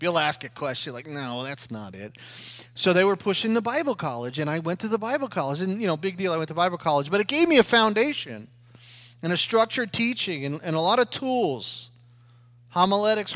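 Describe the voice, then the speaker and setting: Animated preaching man, high and lively. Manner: animated storytelling preacher, shifting between loud emphasis and hushed asides. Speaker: pastor. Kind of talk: sermon.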